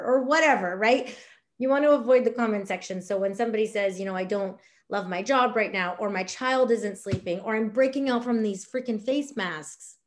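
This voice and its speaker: A woman teaching a sales class, chatty and animated, acting out little dialogues as she explains. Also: mid-range voice. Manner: animated, acts out dialogue with big voices. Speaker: essential oil sales trainer.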